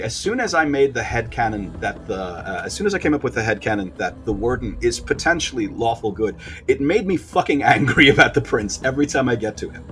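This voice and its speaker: A man giving casual, profane gameplay commentary, excitable and animated. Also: medium pitch, a little fast, faint music behind. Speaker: let's play streamer.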